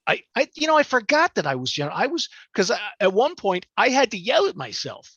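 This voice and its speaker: A man's voice: high-pitched, huge pitch swings, a little fast, fairly bright tone, breathy edge, no room sound, muffled recording. An older man, a voice actor, chatting animatedly about his work in an interview. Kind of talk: interview storytelling.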